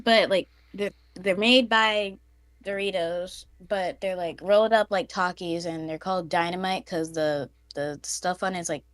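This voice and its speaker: A woman's voice: medium pitch, no room sound. A woman, a guest on a casual stream, who answers questions in a hesitant, stammering way. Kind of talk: casual chat.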